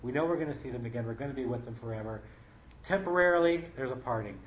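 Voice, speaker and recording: A middle-aged Bible study leader delivers an informal, folksy sermon in a conversational style, reading scripture aloud between his own remarks. His medium-pitched voice moves fast, with a little hiss or hum, in a roomy recording with faint ambience.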